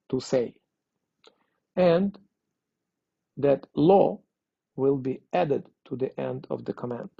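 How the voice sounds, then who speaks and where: A man with a mid-range, dark voice and vocal fry teaches a language lesson, patiently explaining grammar, repeating himself and checking in with "okay?". The recording is dull, lo-fi and dry, with no echo.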